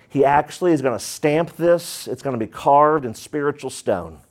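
A pastor with a high-pitched voice delivers a sermon with emphasis and drama, acting out the voices of the people he quotes. He sounds animated, speaks at normal speed, and barely pauses.

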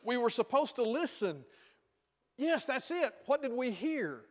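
A man's voice: extremely high pitch, sing-song, a little slow, pitched above the performer's own voice, full character voice. A man playing flustered disciples searching their memory. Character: flustered male disciples trying to recall. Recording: reverberant hall.

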